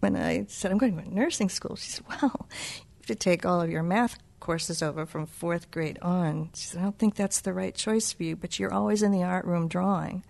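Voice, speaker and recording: A woman's voice: on the low side, normal speed, creaky. Playful woman with a Boston accent. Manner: playful, self-mocking, animated storyteller. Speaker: children's book author. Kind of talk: casual interview.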